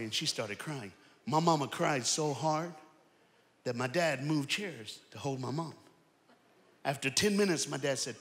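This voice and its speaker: A man preaching an energetic sermon to a church crowd, calling out to them. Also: mid-range voice, normal speed. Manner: animated, shouting preaching with crowd call-outs. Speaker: guest preacher. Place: large church auditorium. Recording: long hall reverb.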